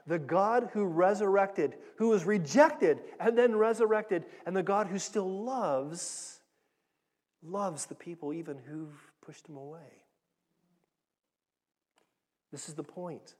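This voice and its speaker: Male pastor, mellow raised voice, conversational sermon, earnest and direct, stumbles and repeats words, long echo of a church hall. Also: high voice. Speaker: pastor teaching a Bible passage.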